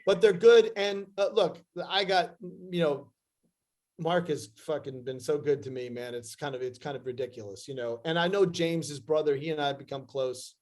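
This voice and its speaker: A middle-aged actor telling profane, animated stories in a casual interview, acting out other people's lines as he goes. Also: fairly high pitch, moderate pace. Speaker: actor guest.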